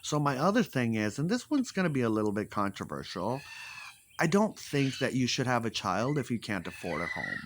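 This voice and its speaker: A man giving blunt opinions in a casual monologue, animated, swearing freely and repeating his points for emphasis. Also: medium pitch, a little fast, slight background noise.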